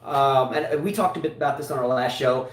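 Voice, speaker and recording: A man's voice: mid-range voice, fairly quick. A man co-hosting a casual tennis show, talking in long rambling runs with many restarts. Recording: echoey room, mic at a distance.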